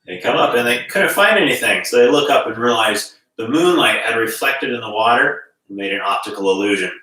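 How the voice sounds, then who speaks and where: Calm male qigong teacher with a bright, forward tone, recorded from afar in a very echoey room. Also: medium pitch, brisk. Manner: calm, gently guiding with breath cues. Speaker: qigong instructor. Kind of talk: guided movement class. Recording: very echoey room, distant mic.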